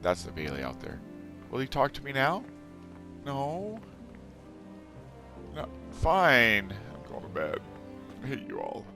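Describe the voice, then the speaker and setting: A man's voice: mid-range voice, huge pitch swings, slow pace, long pauses, over music. A middle-aged man casually commentating a video game, rambling, amused at himself and chatting to his viewers. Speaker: let's play host.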